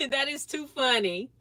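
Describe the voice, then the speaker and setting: A woman's voice: high-pitched, no room sound. A woman hosting a casual sewing livestream, chatting with viewers and laughing often. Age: grandmother age. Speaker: livestream host.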